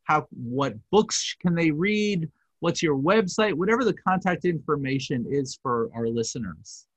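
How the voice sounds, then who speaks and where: A man hosting an interview, appreciative and slightly halting as he wraps up. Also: on the high side, animated, slightly rough, no room sound, rough recording. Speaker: podcast host. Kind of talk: interview wrap-up.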